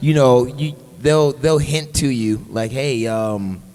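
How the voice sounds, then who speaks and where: A young man, a game voice actor, chatting on a convention panel as an animated, joking storyteller. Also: mid-range voice, a little slow. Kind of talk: casual panel chat. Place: convention stage. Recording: live convention crowd audible.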